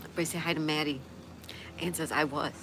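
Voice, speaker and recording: A woman's voice: sits low, fairly even intonation, fast talker. A woman hosting a casual livestream, reading viewer comments aloud and chatting back with a laugh. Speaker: livestream host reading chat. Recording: noticeable background noise.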